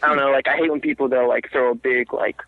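A man's voice: mid-range voice, fairly even intonation, quick pace, no room sound. A man calling in by phone, asking questions hesitantly with lots of filler words. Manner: hesitant, full of "like" and "I don't know". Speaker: caller. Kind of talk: phone call chat. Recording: tinny phone line.

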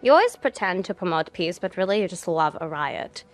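A woman's voice: fairly low pitch, expressive, a little fast, faint music behind, lightly acted. An actress playing a cool young woman con artist, speaking coldly and cuttingly. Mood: scornful.

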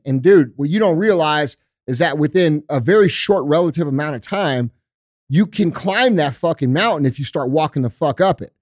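Blunt, profane man with a higher voice. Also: lively intonation, normal speed, dry recording, clean studio sound. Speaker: podcast host. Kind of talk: casual motivational talk.

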